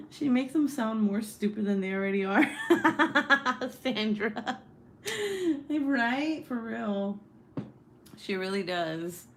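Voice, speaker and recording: A woman's voice: fairly high pitch, lively intonation, slow pace, long pauses, fairly bright tone, slight background noise. A young woman hosting a casual book club live stream, chatty and often laughing as she reads viewer comments aloud.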